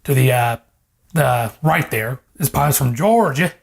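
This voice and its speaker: Here the young host of a laid-back home cooking vlog sounds animated yet keeps a measured pace, his medium pitch laced with vocal fry. He rambles, cracks jokes and swears, captured on a lavalier mic in a kitchen with fridge hum in the background.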